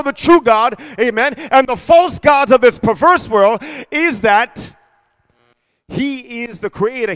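A man preaching a sermon, animated and emphatic, calling out for responses and shouting at peaks. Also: sits high. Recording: long hall reverb.

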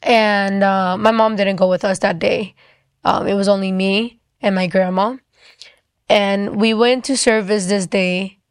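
A woman's voice: medium pitch, fairly even intonation, measured pace, smooth, dry recording, studio quality. Young woman giving a casual testimony. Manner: casual, rambling, many fillers. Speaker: guest telling her story. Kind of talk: personal faith testimony.

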